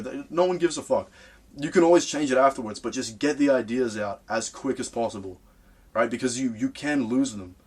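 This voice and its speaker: Young man, husky, mid-pitched, profane animated rant, casual home studio vlog. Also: a little fast. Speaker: music producer giving advice. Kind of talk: casual ranting advice to camera. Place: small home studio room.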